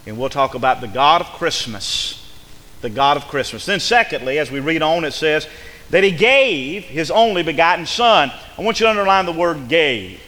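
Male pastor, bright forceful voice, emphatic chanting sermon delivery, long church reverb. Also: a little high, expressive, normal speed. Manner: preacherly, rising to an emphatic chant. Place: church sanctuary.

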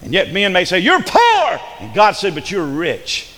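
A man delivers an emphatic sermon in a church, rising to loud declarations and dropping to hushed asides. His voice sits high for a man. Long reverb from the hall trails behind each phrase. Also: expressive, moderate pace. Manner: emphatic preaching, repeats words, swings between loud and hushed. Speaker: preacher.

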